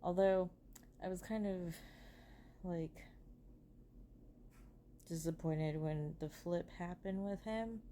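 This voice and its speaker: A woman's voice: lowish voice, mellow, a little hiss or hum. A woman giving a casual, rambling movie review, full of ums, restarts and self-corrections.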